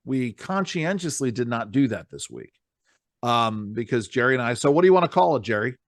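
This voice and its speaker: A man's voice: medium pitch, very animated, fairly quick, no room sound, clean studio sound. A man hosting a political talk podcast. He sums up his co-host's points and steers the conversation. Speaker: podcast host.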